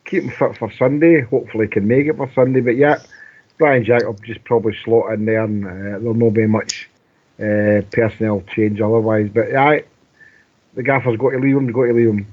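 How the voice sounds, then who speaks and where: A man's voice: medium pitch, steady tone, a little fast. A man with a Scottish accent co-hosting a fan radio show, chatting jokily about football and reading out listener messages. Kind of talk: casual football chat. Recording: tinny phone-like line.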